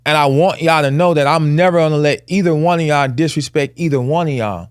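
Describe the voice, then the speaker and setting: A man's voice: fairly high pitch, fairly quick, smooth, no room sound, clean studio sound. A man in his forties, a podcast co-host, telling a personal family story in casual with earnest emphasis. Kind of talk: candid conversational storytelling.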